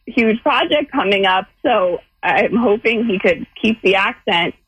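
A woman chats casually and sounds flustered, laughing along as she talks. Her voice has a husky, slightly breathy edge. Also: medium pitch, lively intonation, unhurried, a bit bright, rough recording. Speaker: guest, boss. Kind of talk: casual chat.

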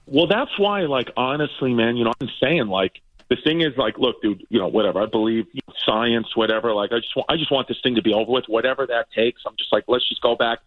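A male comedian telling family stories in casual chat, animated and acting out the people in them. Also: medium pitch, quick pace, no echo, narrow, tinny audio. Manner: animated, acts out family members' voices. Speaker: comedian guest.

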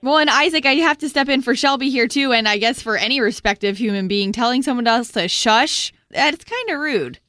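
A woman co-hosting a morning radio show in a studio, blunt and quick to defend the caller. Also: fairly high pitch, sharp tone, no echo. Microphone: studio mic.

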